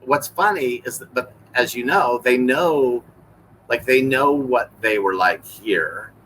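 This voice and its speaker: A man's voice: medium pitch, takes it slowly, fairly bright tone, slight background noise, rough recording. A man, a guest on a live stream, chatting conversationally with frequent restarts. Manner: conversational, lots of fillers and restarts. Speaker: guest, chapter host. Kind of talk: casual live-stream chat.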